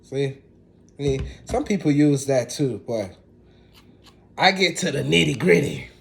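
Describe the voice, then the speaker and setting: A man's voice: medium pitch, big pitch swings, measured pace, gravelly, a little hiss or hum. A man, chatting casually to viewers in a laid-back way while he cooks. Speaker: home cook. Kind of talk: casual cooking vlog.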